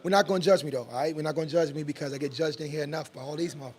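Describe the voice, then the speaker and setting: Man, high voice, podcast host in a barbershop; loose, joking, laughs easily. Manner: joking, rambling, quick to laugh. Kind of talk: casual chat.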